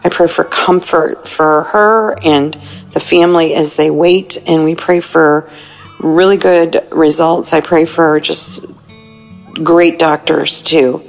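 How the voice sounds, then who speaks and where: A woman in her sixties calling in to a prayer line, earnest and halting as she prays aloud. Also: deep voice, fairly even intonation, vocal fry, soft background music, rough recording. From United States. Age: 60s. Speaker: caller. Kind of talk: recorded prayer call-in message.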